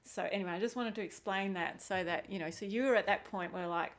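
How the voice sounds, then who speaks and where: A woman's voice: medium pitch, quick pace, few pauses. A woman art teacher, interviewing a former student in a casual, encouraging way, full of "like" and "you know".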